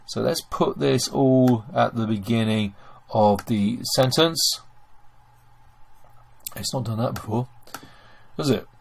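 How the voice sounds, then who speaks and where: A man teaching German grammar in a screen-recorded lesson, explaining step by step and calling his viewers ladies and gentlemen. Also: medium pitch, takes it slowly, vocal fry, pauses often.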